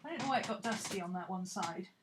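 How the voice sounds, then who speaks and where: A woman's voice: medium pitch, animated, fast, noisy background. A woman chatting casually and playfully, thinking aloud as she works on a craft project. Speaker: craft vlogger.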